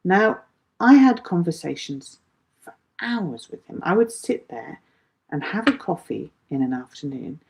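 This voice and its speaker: A woman's voice: on the low side, very animated, measured pace, creaky, noisy background. A middle-aged woman teaching a live online English lesson, patiently explaining with everyday examples.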